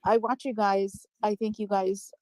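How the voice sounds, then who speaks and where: A woman's voice: mid-range voice, flat delivery, unhurried, darkish tone, no room sound, poor audio. A woman speaking as a guest on a live-stream panel chat, rambling and defensive, often apologizing and backtracking.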